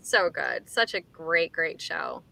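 A woman's voice: low voice, expressive, slow, gravelly, bright, forceful tone, no room sound. A woman interviewing a musician, eager and full of praise, often saying "like" and "so great.". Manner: enthusiastic, fillers like "like" and "so great". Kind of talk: casual interview.

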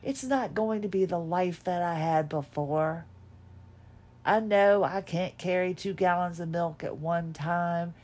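A middle-aged woman hosting a podcast, talking in a reflective personal monologue, tired, emotional and halting, with many restarts, recorded at home. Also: lowish voice, darkish tone. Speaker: podcast host.

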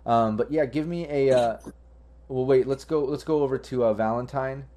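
A man narrating a tabletop game as game master. He talks casually and with profanity, stopping and restarting as he thinks, in a mid-pitched voice. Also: normal speed, mellow.

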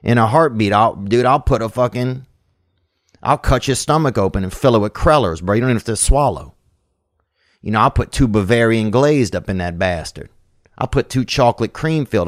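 A man's voice: fairly low pitch, animated, normal speed, dry recording, studio quality. A man hosting a podcast, talking casually in loose slang with lots of fillers and restarts. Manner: loose slangy talk, many fillers and restarts, crude jokes. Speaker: podcast host taking voicemail calls. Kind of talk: casual rambling chat.

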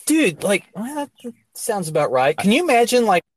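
A man's voice: sits high, sing-song, normal speed. A young man hosting a podcast, chatting casually and crudely, laughing and swearing freely. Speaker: podcast host.

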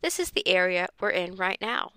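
A woman's voice: lowish voice, expressive, moderate pace, pushed and bright, clean tone, no echo. A woman reading a storybook and voicing a friendly, teasing father who likes to spook the children.

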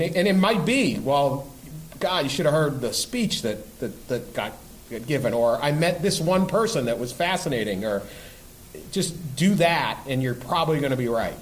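A man's voice: medium pitch, rough recording. A man who is a guest sports columnist on a podcast, talking before a live audience in a rambling way with restarts and emphatic swearing.

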